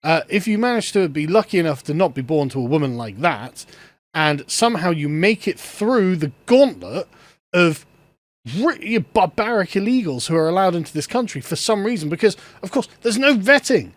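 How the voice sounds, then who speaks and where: A sarcastic man with a notably high voice rants through a solo commentary, breaking into frequent laughter. His voice sounds close and dry, with almost no room sound around it. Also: expressive, moderate pace, dry recording. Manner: sarcastic, ranting, laughs often. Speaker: political commentator.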